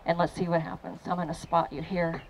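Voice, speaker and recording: A woman fitness trainer running a lively training demo for a crowd at an outdoor event, encouraging and laughing often. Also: lowish voice, fairly quick, vocal fry, slight background noise, poor audio.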